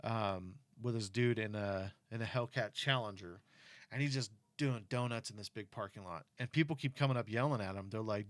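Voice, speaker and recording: A middle-aged man chatting casually with his kid, telling stories in an animated way and turning earnest and cautionary on safety. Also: mid-range voice, a little fast, dry recording. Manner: animated storyteller who acts out quotes; earnest and cautionary when talking about safety. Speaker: parent talking with his kid. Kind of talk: casual chat.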